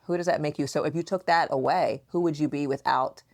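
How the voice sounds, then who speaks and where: Woman, 40s, podcast host, low pitch, animated, teasing, casual chat. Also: quick pace. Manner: animated, teasing, acts out quotes.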